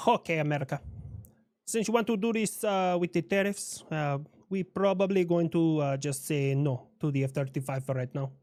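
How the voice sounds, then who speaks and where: A man's voice: fairly high pitch, darkish tone, dry recording, clean studio sound, close to an everyday voice. A man doing a clumsy Spanish-accented grumbler. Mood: grumbling. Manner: hesitant, halting with filler sounds. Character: Spain personified as a grumbling man.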